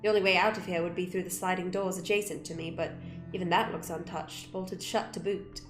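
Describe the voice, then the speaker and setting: A woman's voice: lowish voice, brisk. Woman reading a game aloud, roomy sound. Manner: expressive reading with swearing asides. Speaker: gamer. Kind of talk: reading a visual novel aloud. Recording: roomy room with music behind.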